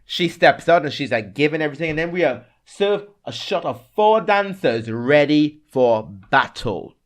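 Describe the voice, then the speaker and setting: A young adult man co-hosting a podcast, gushing in an animated, dramatic way during casual chat. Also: a little high, normal speed. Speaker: podcast co-host.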